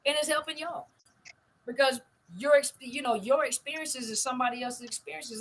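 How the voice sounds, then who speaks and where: With a high-pitched, slightly bright voice at normal speed, a middle-aged woman answers comments on her casual narcissistic abuse recovery live stream. The recording is rough with slight background noise, and she stresses her points emphatically, repeating them and often asking if you see what she means.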